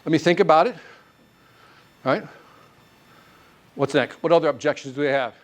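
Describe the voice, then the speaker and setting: A man teaching a live sales class, quizzing the room with quick questions as he goes. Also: a little high. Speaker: sales trainer. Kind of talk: live sales seminar talk. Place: training classroom with a live audience.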